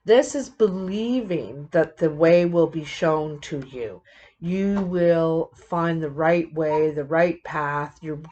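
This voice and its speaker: A woman giving a casual tarot reading, thinking aloud in a halting, musing way with many fillers. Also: fairly low pitch. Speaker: tarot reader.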